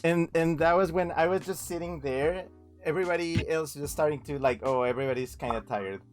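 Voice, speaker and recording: A man's voice: fairly high pitch, fairly quick, faint music behind. A man in casual chat on a game stream, rambling through a story with many fillers and restarts. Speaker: stream guest.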